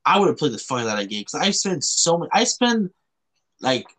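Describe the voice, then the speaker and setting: A man's voice: a little high, sing-song, a little fast, fairly bright tone. A man from Canada hosting a casual podcast chat, rambling with lots of fillers and restarts. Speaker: podcast host.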